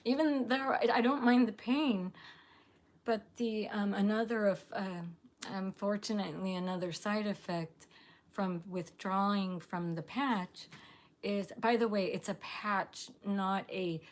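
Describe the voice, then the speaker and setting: A woman's voice: medium pitch, steady tone, measured pace. A woman hosting a casual live stream, bubbly and gushing, laughing often as she chats with viewers. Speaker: livestream host.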